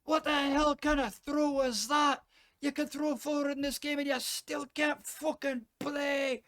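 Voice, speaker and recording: A man voicing a huge, gruff, red-bearded man with a thick Scottish accent who curses and shouts bluntly. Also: very high-pitched, level tone, measured pace, voice pushed up, full character voice. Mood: furious. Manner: shouting, cursing, brash.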